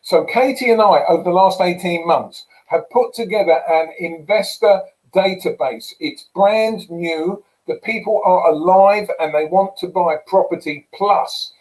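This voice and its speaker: A middle-aged English man giving an energetic sales pitch for a property program, telling lively stories with punchy asides. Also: unhurried, hardly any pauses, poor audio. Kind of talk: live sales presentation.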